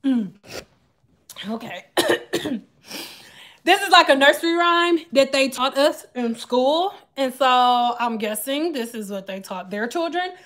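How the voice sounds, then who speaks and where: A woman's voice: high-pitched, lively intonation, slow, a bit bright. A woman in her thirties, chatting and joking straight to her viewers in a casual vlog. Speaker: vlogger. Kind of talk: casual chat to viewers while doing hair.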